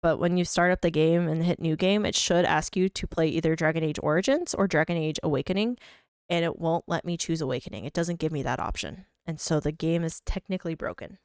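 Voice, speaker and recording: A woman's voice: low voice, brisk, smooth, no echo, clean studio sound. A young woman streaming a game from home, chatting casually in a rambling, mock-whiny, self-deprecating way. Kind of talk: casual live-stream chat.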